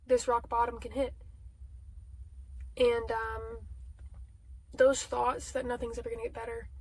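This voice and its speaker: A young woman with a high voice rambles through a casual confessional video diary. Her delivery is animated and loose, and she swears freely and jumps between thoughts. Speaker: video diarist.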